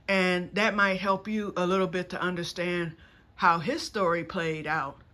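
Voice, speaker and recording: The voice has a sharp tone at medium pitch. A vlogger in their fifties rambles casually to camera in a wooded yard outside, skipping from one topic to the next.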